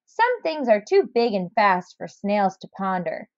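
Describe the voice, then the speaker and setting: A woman reads a children's picture book aloud, gentle and expressive, her pitch moving a lot. She speaks slowly and clearly, in a dry, slightly lo-fi recording. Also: dry recording. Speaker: narrator. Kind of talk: storybook read-aloud.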